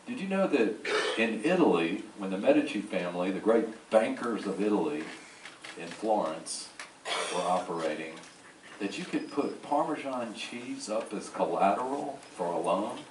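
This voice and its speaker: A man from New Orleans with a Southern accent gives a slow, folksy lecture on a cruise ship and drops joking asides. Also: lowish voice, animated, noisy background. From New Orleans, Louisiana. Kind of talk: slide lecture to an audience. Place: large ship lecture hall. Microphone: far from the recording mic. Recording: echoey hall taped from far off.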